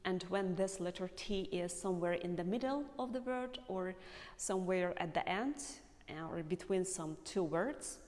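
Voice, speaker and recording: A woman English teacher explaining pronunciation to learners, speaking slowly and carefully and repeating example words. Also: on the low side, a little mellow, big-room sound.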